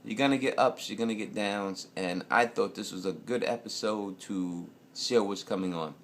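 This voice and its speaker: A man's voice: lowish voice, normal speed, a bit bright, a little hiss or hum. An American man giving a loose, profane, rambling casual review of a TV episode. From United States. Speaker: TV show reviewer.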